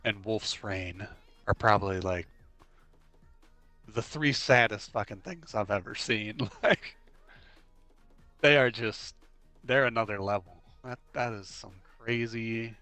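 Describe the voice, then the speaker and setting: On a livestream, a young male host in his twenties tells stories in a rambling, casual way, saying "like" again and again and acting out quotes with animation. His voice sits on the low side and moves slowly, pausing often, over faint background music.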